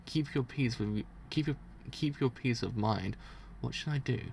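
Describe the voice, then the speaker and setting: A scheming priest villain mutters under his breath, counting prime numbers to stay calm, as a man reads the manga aloud. The voice is mid-pitched with a gravelly edge, and it turns sharp and bossy when he gives orders. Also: measured pace, slight background noise. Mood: anxious, hushed.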